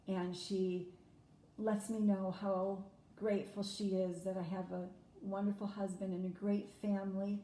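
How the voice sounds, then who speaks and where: A German vlogger speaks to the camera in a warm, medium-pitched voice, reflecting earnestly on her own life. Her talk is heartfelt and full of "you know"s. The room is echoey, with faint noise underneath.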